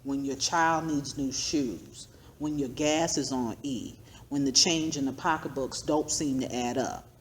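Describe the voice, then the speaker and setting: A woman's voice: very deep voice, a little slow. Middle-aged woman preaching her story, earnest, laughs a lot, bit of background hiss. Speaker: guest speaker. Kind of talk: personal testimony talk.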